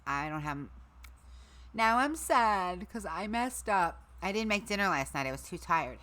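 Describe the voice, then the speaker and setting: A middle-aged woman hosting a casual livestream, chatting to her viewers, her equipment and her dogs, her voice going hoarse. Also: mid-range voice, animated, a little slow, a bit bright. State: losing her voice. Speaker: livestream host.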